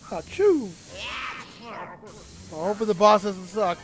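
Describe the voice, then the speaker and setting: A man's voice: high voice, moderate pace, a bit bright, soft background music. A young man streaming a game, rambling casually and chatting with his viewers. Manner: chatty, rambling, talks to chat. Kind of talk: casual gaming stream chat.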